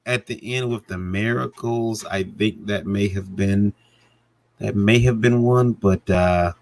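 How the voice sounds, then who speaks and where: Gravelly low-voiced man, rambling. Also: steady tone, slow, darkish tone, no room sound. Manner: rambling, many fillers and restarts; chuckles often. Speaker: comic creator, podcast co-host. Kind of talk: casual discussion.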